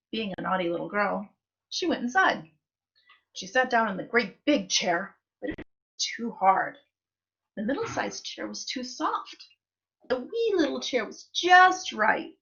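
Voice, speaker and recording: Expressive woman reading a story. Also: on the high side, vocal fry. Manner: expressive, sing-song delivery. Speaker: reader. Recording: muffled live-stream audio.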